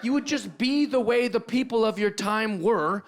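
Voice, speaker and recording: A man's voice: high-pitched, moderate pace. A man from Seattle doing a stand-up comedy set on stage with a handheld mic, ranting energetically with restarts and frequent "right?". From Seattle, USA. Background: audience laughter.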